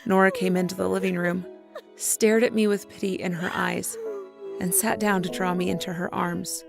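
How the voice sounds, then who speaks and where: A woman's voice: on the low side, steady tone, moderate pace, vocal fry, over music. A woman reading an emotional, tender first-person story aloud. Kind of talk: scripted first-person narration.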